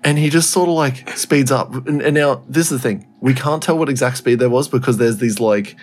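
A man's voice: mid-range voice, fairly quick. A man co-hosting a podcast, telling a story in casual chat, laughing often and swearing freely. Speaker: podcast co-host.

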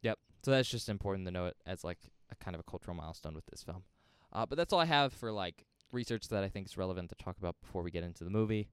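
A man's voice: sits low, quick pace, few pauses, clean tone, no echo, clean studio sound. A young man co-hosting a casual movie podcast, explaining film history and teasing his friend. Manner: teasing, animated when making a point. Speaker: podcast co-host.

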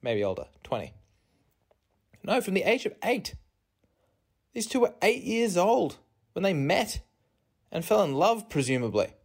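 A man's voice: big pitch swings, unhurried, pauses often. Rambling man, self-mocking. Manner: self-mocking, meandering, with sudden jumps in pitch. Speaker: podcast host. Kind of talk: rambling comic monologue. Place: rented apartment. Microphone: phone recording.

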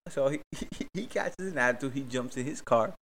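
A young man from hosts a casual podcast. His storytelling is excitable and full of swearing, and he acts out every exchange as he retells it. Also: mid-range voice, fairly quick, creaky. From Miami, Florida. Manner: profane, excitable, acts out the dialogue. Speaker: podcast host. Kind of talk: animated storytelling.

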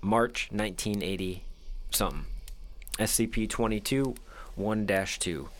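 A man reading a document aloud in a relaxed, offhand co-host style. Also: fairly low pitch, measured pace. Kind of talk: casual reading with banter.

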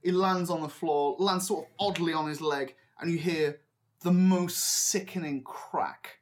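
A woman's voice: sits low, measured pace. A woman narrating a tabletop game as game master, rambling with many fillers and frequent laughs.

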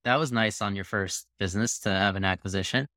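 A man hosting an interview podcast, introducing his guest and asking brisk, direct questions. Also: lowish voice, bright, forceful tone, no room sound, clean studio sound. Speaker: podcast host.

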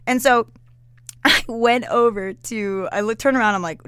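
A woman's voice: a little high, unhurried, clean tone, no room sound. A young woman co-hosting a podcast, telling a story in a casual, giggly way and acting out the other people in it. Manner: animated, giggly, acts out quotes in voices. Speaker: podcast co-host.

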